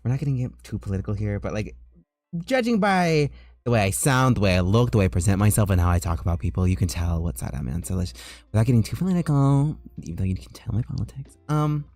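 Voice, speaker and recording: A man chatting on a casual livestream while he draws, loud and jokey, full of "like" fillers. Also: on the low side, lively intonation, fast talker, no room sound, clean studio sound, soft background music. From United States. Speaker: livestreaming artist.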